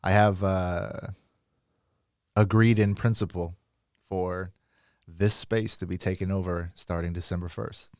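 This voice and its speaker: A man's voice: deep voice, steady tone, unhurried, long pauses, darkish tone, dry recording, clean studio sound. A man co-hosting a podcast, easygoing and slangy in casual chat. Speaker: podcast co-host.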